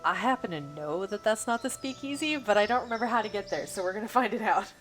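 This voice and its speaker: A woman's voice: mid-range voice, animated, quick pace, a bit bright. A woman with a Missouri Bootheel twang, chatting casually while streaming a mystery game, thinking aloud and reading chat. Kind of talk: livestream gameplay commentary. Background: game music and cicadas.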